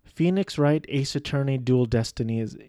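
A man's voice: mid-range voice, normal speed, dark tone, no echo, studio quality. A young man talking casually on his own, rambling through a list of video games with many ums and restarts, joking at his own expense. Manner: rambling, self-deprecating, many fillers and restarts. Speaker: video game vlogger. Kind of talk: casual monologue listing games.

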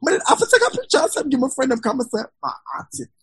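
A woman, a law student telling lively stories on a casual podcast. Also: high voice, rapid-fire, husky, no room sound, poor audio. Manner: animated storyteller, patois-tinged.

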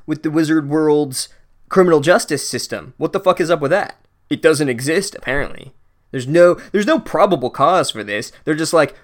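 A man's voice: mid-range voice, a bit bright. A man giving a comedic chapter recap in a sarcastic, profane, rambling way, full of "like"s. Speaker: book recap host.

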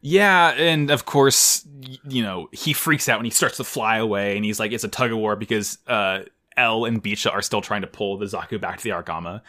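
A man co-hosting a podcast, recapping an anime episode in casual chat, animated and jokey, often jumping his voice up high for emphasis. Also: moderate pace, hardly any pauses. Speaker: podcast co-host.

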